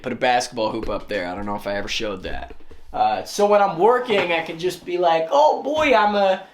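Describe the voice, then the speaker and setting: A man in his thirties talking casually to camera in a vlog, rambling and self-mocking with sudden loud outbursts. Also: mid-range voice, slight background noise. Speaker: vlogger.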